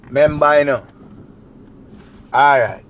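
Lively Jamaican man, comic storyteller, fairly high voice. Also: slow. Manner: lively patois storytelling with sudden loud and quiet swings. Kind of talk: animated comic retelling.

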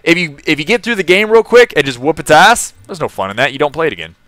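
A man's voice: a little high, sing-song, quick pace, fairly bright tone, no echo. A man from California live-streaming a game, chatting casually, laughing often and greeting viewers in the chat.

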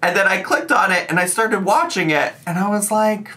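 A commentary YouTuber hosting a reaction video talks casually in a high, pushed, bright voice at normal speed. He rambles and laughs a lot, leaning heavily on fillers like "like" and "right?".

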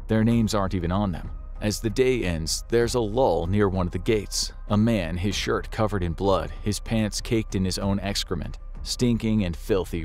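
Man, scripted documentary narrator, grave and dramatic, faint music bed. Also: lowish voice.

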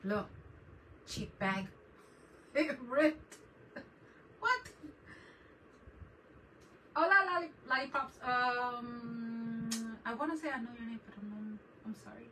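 A craft channel host streams casually from her home desk, her slightly high voice animated, bright, and forceful, delivered slowly with long pauses. She laughs often and greets viewers by name, recorded on a distant mic with faint noise behind her.

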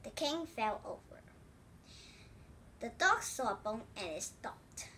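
Woman, children's storybook read-aloud, bright tone, higher voice, careful. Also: big pitch swings, takes it slowly, a little hiss or hum. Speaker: storybook reader. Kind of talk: reading a children's book aloud.

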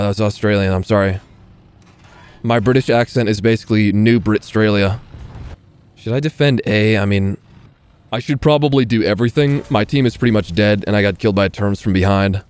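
Low-voiced man muttering gameplay commentary. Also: moderate pace, a little mellow, clean tone. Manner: muttering, swearing asides to viewers. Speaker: gaming video creator.

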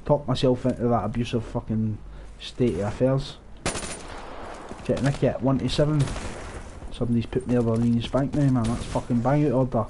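A man's voice: medium pitch, moderate pace, slight background noise. Guy swearing his way through a shooter match, rambly, gunfire faint in the back. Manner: profane, rambling, excitable outbursts. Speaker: gaming channel host. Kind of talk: live gameplay commentary.

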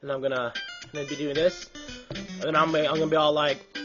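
A man recording gameplay commentary, rambling in quiet asides and then shouting excited, swearing hype lines. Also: fairly high pitch, fairly quick, pauses often, soft background music. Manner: loud, excitable, swears often; mumbled asides between bursts.

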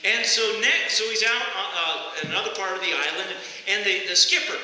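A man with a high, very bright voice gives a storytelling sermon, often restarting his sentences. He speaks in a church, and the sound rings with heavy echo and a long reverb. A faint hiss sits under the voice. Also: brisk. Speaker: pastor. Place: church sanctuary.

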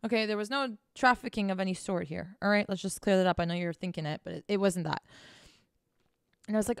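A woman's voice: mid-range voice, fast talker, smooth, no echo, clean studio sound. A woman talking straight to the viewer in a candid motivational monologue, blunt, profane and sarcastic, scolding the listener directly. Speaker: host.

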